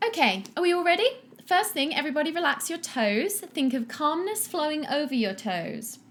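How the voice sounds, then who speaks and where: A woman voicing a bubbly, sporty young college woman, chirpy and upbeat in a high, lifted voice. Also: big pitch swings, normal speed, a bit bright, slight background noise.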